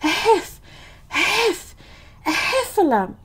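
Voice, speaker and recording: A woman voicing a timid tiny piglet in a storybook, with squeaky, panicky cries. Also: sing-song, slow, a bit bright, heavily acted. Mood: breathless.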